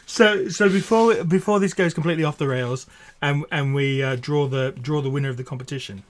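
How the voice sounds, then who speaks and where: A man in his forties from Australia with a light, posh Australian accent, chatting casually over drinks as host, halting with many restarts. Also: fairly high pitch. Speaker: vlog host.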